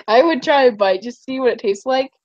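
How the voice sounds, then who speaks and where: A woman's voice: sits high, expressive, fairly quick, darkish tone, no echo. Giggly, rambling young woman streamer. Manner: rambling, giggly, tells stories with acted quotes. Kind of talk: casual chat. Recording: dull, muffled stream audio.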